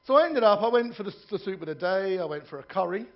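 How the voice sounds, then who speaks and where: Stand-up comedian on a ship's stage. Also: male voice, high-pitched, expressive, fast, dull audio. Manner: joke-telling with voiced characters and asides to the audience. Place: ship's theatre lounge.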